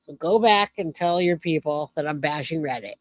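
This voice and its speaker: A woman's voice: low voice, lively intonation, moderate pace, dry recording. A woman, hosting a true crime channel and talking straight to viewers with indignant emphasis. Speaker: host. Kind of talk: casual commentary.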